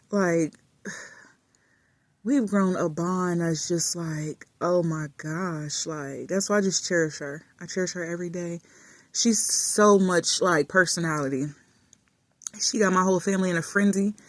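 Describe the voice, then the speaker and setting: A woman vlogger chatting casually and affectionately while lying in bed in a dark room, often dropping to soft murmurs. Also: on the low side, normal speed, no echo. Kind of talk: casual chat.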